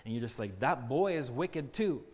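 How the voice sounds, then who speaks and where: A man's voice: medium pitch, expressive, normal speed, darkish tone, husky. A man teaching children a Bible lesson in an earnest, explaining way, often asking them questions. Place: church hall. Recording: long church-hall reverb.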